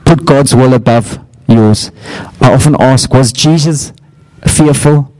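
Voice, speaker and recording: Mellow-voiced male preacher. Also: slow, no echo, poor audio. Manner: storytelling, acts out quotes with raised pitch. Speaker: pastor. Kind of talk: sermon.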